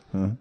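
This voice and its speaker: A man's voice: fairly low pitch, husky, lo-fi sound. A man preaching a sermon in a storytelling manner, with rhetorical questions and asides.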